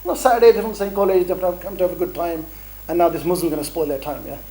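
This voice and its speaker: A man's voice: high-pitched, steady tone, rapid-fire, mellow, poor audio. A man giving a chatty, bantering training talk to a group, telling stories and dropping Arabic phrases. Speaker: dawah instructor.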